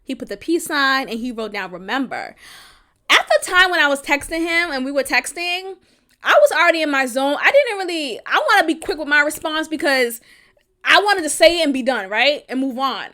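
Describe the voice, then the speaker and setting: A woman with a high, bright voice talks straight into the mic as a podcast host. Her delivery is blunt and profane, and she laughs through her own stories. It sounds like a casual, unscripted rant. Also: lively intonation, moderate pace. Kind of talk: casual venting monologue.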